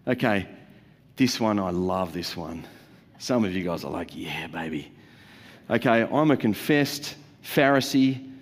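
In a church auditorium, a pastor gives a jokey, conversational sermon, tossing playful asides to the congregation. His voice is medium-pitched, and the recording carries a big-room sound.

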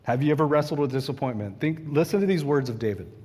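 A man's voice: on the high side, lively intonation, quick pace, darkish tone, long reverb tail. A man preaching a sermon in a conversational way, asking his listeners questions and acting out the quotes he reads.

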